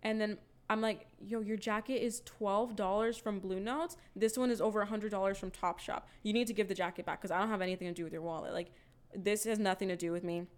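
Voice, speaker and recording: A woman's voice: mid-range voice, a little fast. A young woman telling a story in casual chat, swearing freely and acting out the quotes with energy. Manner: animated, profane storytelling with acted-out quotes.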